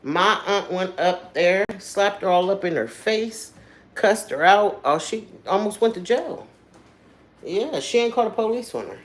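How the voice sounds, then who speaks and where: A livestream host with a medium-pitched voice tells stories at a measured pace in a casual chat. She's animated, candid and earthy, swearing often and trailing off into asides.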